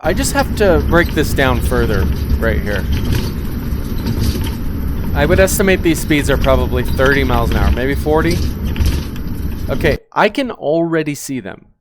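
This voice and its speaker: Blunt, profane former cop commentator. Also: male voice, medium pitch, expressive, moderate pace, pauses often, heavy background noise. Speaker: former police officer reacting to body cam footage. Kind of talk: commentary on video footage.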